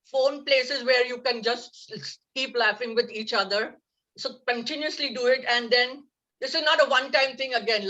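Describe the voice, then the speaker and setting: A woman's voice: sits high, sharp tone, dull audio. A woman leading a laughter yoga class over a video call, upbeat and coaxing, laughing often as she talks.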